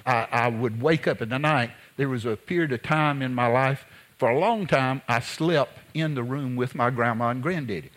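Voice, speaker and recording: Guy preaching, folksy and chatty, tells stories, medium voice. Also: mid-range voice. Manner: folksy, conversational, drops to a hush when telling a story. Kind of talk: sermon with personal storytelling.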